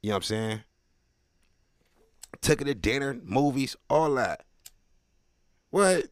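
Guy doing stand-up w/ AAVE, loud and animated, dry close sound. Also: medium pitch, measured pace, no echo. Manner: loud, animated, slangy street talk with crowd asides. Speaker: stand-up comedian. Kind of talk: stand-up comedy set.

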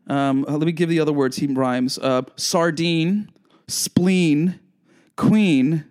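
A man with a fairly high voice co-hosts a casual podcast chat. He talks in an animated, gushing way and slips into little sung quotes. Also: slow, smooth. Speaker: podcast co-host.

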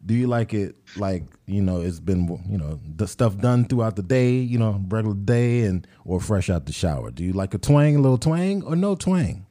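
A man's voice: lowish voice, expressive, moderate pace, hardly any pauses, dark tone, no room sound. A man hosting a casual podcast chat, teasing his co-hosts and laughing often. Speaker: podcast host.

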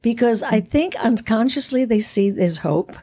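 A woman's voice: fairly high pitch, lively intonation, normal speed, mellow, husky. A woman in her eighties, a guest actress chatting in an interview in a theatrical way, often laughing. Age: 80s. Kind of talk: casual interview chat.

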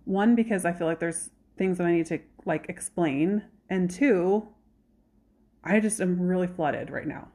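A woman hosting a podcast in casual chat, animated, acting out quoted dialogue. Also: fairly low pitch, a little slow. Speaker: podcast host.

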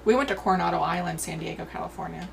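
A woman co-hosts a podcast, chatting casually and answering in short replies. Her voice has a gravelly fry. A faint hiss sits under the recording. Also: fairly low pitch, racing, distant mic. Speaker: podcast co-host.

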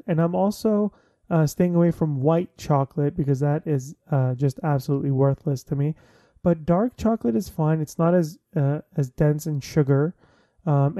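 Casting: man, 30s, loose jokey chatter, mellow low-toned timbre, dry close sound. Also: dry recording. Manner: chatty, filler-heavy, jokey. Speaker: vlogger. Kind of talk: casual chat to listeners.

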